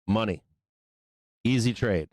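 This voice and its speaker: A man hosting a live stock market show, talking through trades in a loose, profane, excitable way. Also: on the low side, slow, no echo. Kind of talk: live trading commentary.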